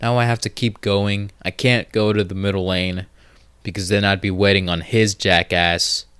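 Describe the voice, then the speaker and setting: A man's voice: sits low, fairly even intonation, moderate pace, a bit bright, smooth, no room sound. A man hosting a solo podcast, telling a rambling, profane story full of fillers and restarts. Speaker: podcast host. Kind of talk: casual solo podcast monologue.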